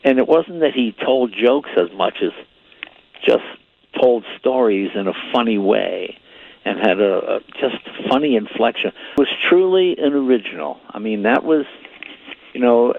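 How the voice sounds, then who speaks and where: An older man telling stories in a casual chat. He rambles and repeats words, and grows animated as the story builds. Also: mid-range voice, vocal fry, no room sound, phone-quality sound.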